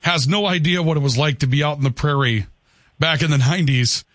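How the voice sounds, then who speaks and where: A man's voice: a little high, fairly quick, a bit bright, dry recording. A man hosting a sports talk radio show, joking and teasing his co-host and laughing as he tells stories. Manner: jokey, teasing, laughs while telling stories.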